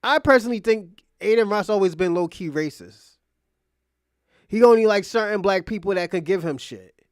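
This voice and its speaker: A man's voice: high-pitched, animated, moderate pace, smooth, dry recording, studio quality. A man giving heated reaction commentary, angry and profane, ranting in disbelief. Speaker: commentary streamer.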